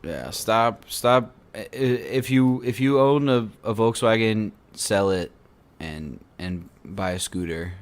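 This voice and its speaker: Brief: male podcast host, low voice, jokey and rambling, stumbles and restarts a lot. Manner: joking, rambling, frequent restarts. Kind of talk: casual podcast chat.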